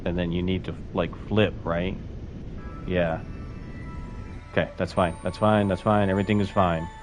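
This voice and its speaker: A man's voice: sits low, level tone, normal speed, over music. A young man streaming a space game, rambling and swearing casually, bursting into yelps and laughs. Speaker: gaming streamer. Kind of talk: casual gameplay commentary.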